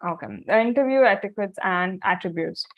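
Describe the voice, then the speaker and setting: A woman's voice: mid-range voice, lively intonation, fairly quick. A woman presenting a career workshop, talking informally with many fillers, restarts and repeated phrases. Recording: muffled lo-fi recording.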